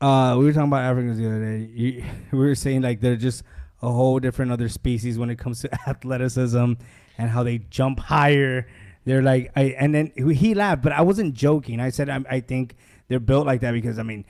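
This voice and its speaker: A man's voice: medium pitch, steady tone, fairly quick, darkish tone. A young man hosting a podcast, telling a story in casual chat, swearing freely and acting out other people's lines. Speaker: podcast host.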